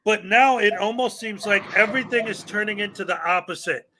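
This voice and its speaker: A man's voice: high-pitched, fairly quick, sharp tone, a little hiss or hum. A man from Chicago with a Chicago accent, hosting a casual live-stream chat in a chatty, jokey way. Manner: chatty, jokey, laughs often. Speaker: show host.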